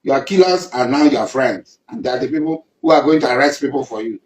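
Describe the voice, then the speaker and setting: A man's voice: medium pitch, expressive, fairly quick, echoey room, a little hiss or hum, rough recording. A Nigerian man giving an emphatic public statement, accusing and repeating himself for weight. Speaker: community leader.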